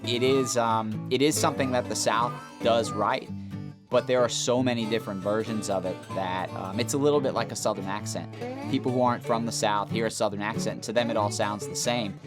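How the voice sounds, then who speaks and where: A man's voice: on the low side, fairly even intonation, fairly quick, over music. A man explaining Southern barbecue in a reflective, explanatory way.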